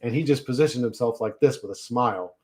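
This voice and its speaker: On his livestream, a man with a medium-pitched voice talks fast and casually, getting emotional as he goes. He's animated and profane, swearing freely and often laughing mid-sentence.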